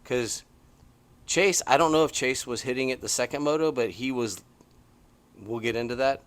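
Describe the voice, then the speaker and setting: A middle-aged man co-hosting a podcast, chatting casually from a porch outdoors and telling stories with excited, swinging emphasis. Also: normal speed. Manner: animated, excitable storytelling with big swings in pitch. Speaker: podcast co-host. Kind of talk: casual chat.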